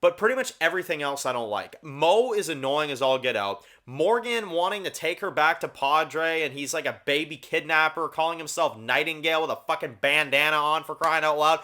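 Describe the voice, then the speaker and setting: A man hosting a casual TV review channel, tearing into episodes with blunt, exasperated swearing. His voice sits a little high for a man and sounds bright and sharp, and he repeats words to hammer his points home. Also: animated, fairly quick, few pauses. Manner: frequent fillers, repeats words for emphasis. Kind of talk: casual ranked-review rant.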